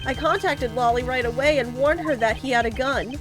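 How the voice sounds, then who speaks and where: Woman voicing remorseful young man, earnest subdued confession, high-ish voice. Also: a little fast, music in the background, natural voice.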